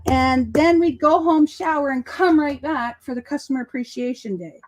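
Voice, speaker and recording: Woman, fairly high voice, chatty, casual crafting chat, storytelling. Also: normal speed, darkish tone, a little hiss or hum, low-quality recording. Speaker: host.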